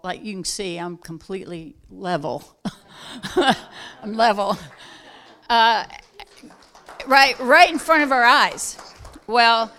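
A woman from South Georgia tells a story in an easy, casual way. Her voice is bright and a little high, and she gets animated, acting out the voices of the people in it and laughing as she goes. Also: clean tone. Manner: animated, acts out quoted voices loudly, laughs while telling. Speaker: guest telling a testimony.

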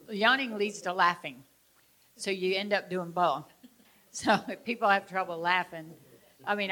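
A woman leading a group session, telling lively stories and laughing often as she talks. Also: medium pitch. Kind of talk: storytelling talk to a group.

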